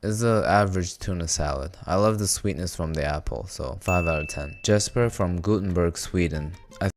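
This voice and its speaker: Male cooking host, low voice, casual recipe narration, chatty and wry. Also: normal speed. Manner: relaxed, chatty, wry asides while cooking.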